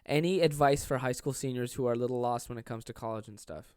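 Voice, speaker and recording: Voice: medium pitch, quick pace, a little mellow, dry recording, studio quality. A young adult podcast host giving casual, sarcastic, profanity-laced advice to listener questions from a home desk.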